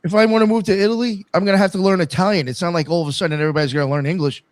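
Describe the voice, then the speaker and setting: A man's voice: high voice, fairly even intonation, racing, no room sound. A man guest on a podcast roundtable who rants heatedly and swears constantly. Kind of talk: casual roundtable chat.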